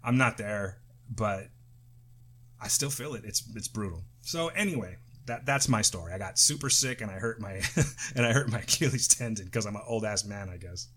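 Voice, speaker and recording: A middle-aged podcast co-host, tired and still recovering from the flu, chats casually, rambling loosely with swearing and restarts. His voice is lowish and fairly bright, at a moderate pace.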